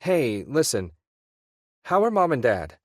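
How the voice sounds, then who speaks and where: A man's voice: medium pitch, sing-song, slow pace, dry recording, clean studio sound, voice pushed up. A male narrator voicing a worried younger brother on a phone call who forces a cheerful tone. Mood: tense. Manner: strained, falsely upbeat.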